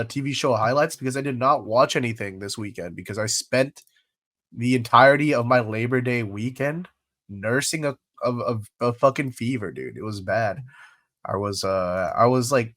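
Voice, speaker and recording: A young man hosting a casual podcast, a bit congested and with his voice still coming back, rambling with lots of fillers and restarts. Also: mid-range voice. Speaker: podcast host.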